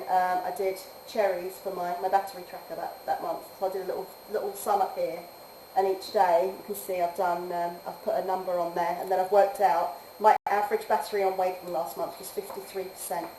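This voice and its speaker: Chatty woman streamer laughing often. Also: lowish voice. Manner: chatty, laughs often, drifts from soft to lively. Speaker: streamer and adult-education teacher. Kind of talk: casual live-stream chat. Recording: roomy echo, faint background noise.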